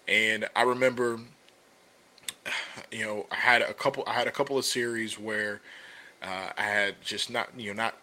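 Bright-toned man telling a story. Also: fairly low pitch, steady tone, moderate pace, long pauses. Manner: conversational storytelling, many fillers, rising energy when making a point. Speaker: podcast co-host and business coach. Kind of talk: casual podcast talk.

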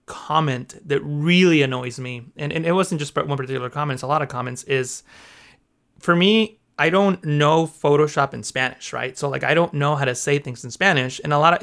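A man who is a guest on a podcast, chatting casually and laughing often as he tells stories. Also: on the high side. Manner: laughs often, animated storytelling. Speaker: podcast guest, YouTube creator.

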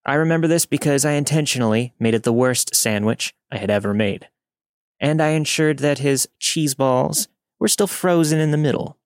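A man narrating a scripted first-person horror story in a steady, measured reading. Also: mid-range voice, no echo, studio quality.

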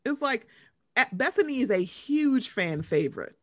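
A woman in a casual chat. Her pitch sits a little high and swings widely as she talks. She speaks emphatically and slips into acting out what others said. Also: moderate pace. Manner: emphatic, animated, acts out quotes, Southern US slang. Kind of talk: casual chat about reality TV.

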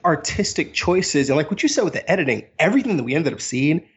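A man in his thirties in an animated, casual movie review chat, sometimes mimicking voices. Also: on the high side, fast talker, husky, dull audio. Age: 30s.

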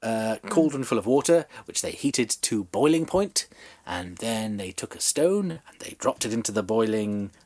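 Brief: male podcast co-host, chatty comic history telling, expressive pitch swings. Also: normal speed. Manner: chatty, hesitant fillers, playful asides. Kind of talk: comedic history storytelling chat.

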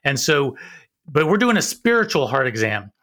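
A man's voice: mid-range voice, very animated, normal speed, bright, forceful tone. A man speaking as a podcast guest, teaching fathers in an earnest, preacher-like way and sometimes acting out what others would say. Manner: earnest, preacher-like, acts out quoted voices.

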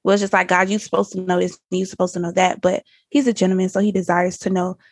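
Husky-voiced woman, earnest and casual. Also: lowish voice, flat delivery, fast, no echo, clean studio sound. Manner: earnest, conversational, slangy. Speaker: guest. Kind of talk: casual chat.

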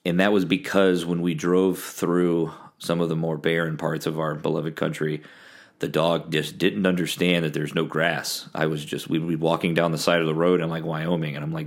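A man's voice: extremely low pitch, flat delivery, brisk. A young man from East Texas guest-hosting a podcast, telling a road trip story in a wry, rambling way with lots of ums and restarts, close on the mic. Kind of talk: casual solo storytelling. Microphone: close podcast microphone.

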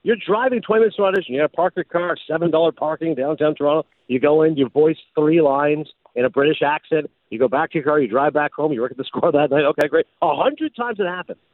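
A man's voice: on the high side, fast talker, few pauses, dry recording, phone-quality sound. A man, a former sportscaster, telling stories in a casual chat and slipping into an announcer voice now and then. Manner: animated storyteller, slips into announcer voice. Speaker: podcast host and former sportscaster.

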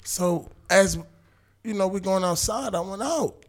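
A man telling a street story on a podcast in a loud, profane, animated way, acting out what people said. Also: high-pitched, measured pace. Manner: animated, profane, acts out quotes. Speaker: podcast guest. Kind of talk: casual storytelling.

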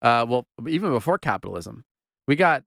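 A man's voice: mid-range voice, big pitch swings, brisk, vocal fry, fairly bright tone, no room sound. A man co-hosting a podcast, trading wry, dry-humored banter in a casual chat. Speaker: podcast co-host.

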